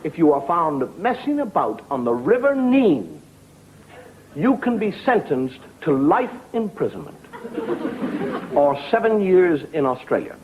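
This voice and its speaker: A male comedian telling jokes in a wry, deadpan way, with a fairly high, lively voice. The sound is a dull, lo-fi TV recording with a faint hiss. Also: measured pace. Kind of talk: stand-up monologue. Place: TV studio.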